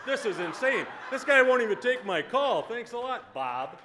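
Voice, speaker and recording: Brash high-pitched man swearing at a podium. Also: sing-song, normal speed. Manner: loud, joking, swearing freely. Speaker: company CEO accepting an award. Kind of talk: brash, profane acceptance speech. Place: banquet hall at an awards dinner. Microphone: podium microphone. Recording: live hall recording with crowd and noise.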